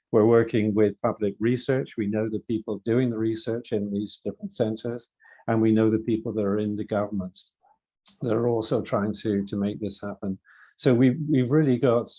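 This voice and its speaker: Man, retired official, measured and warm, muffled audio. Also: on the low side. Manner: measured, hesitant restarts. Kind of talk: introductory remarks.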